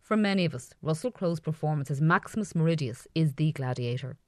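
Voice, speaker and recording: A woman's voice: low-pitched, animated, a little fast, no room sound, clean studio sound. A woman presenting a radio review show, reading wry scripted links.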